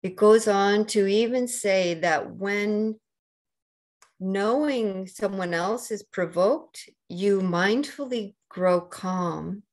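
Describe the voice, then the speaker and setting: A woman with a Canadian accent giving a dharma talk as a meditation teacher, gentle and unhurried, pausing often with soft fillers. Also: mid-range voice. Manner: slow and gentle, with many pauses and fillers.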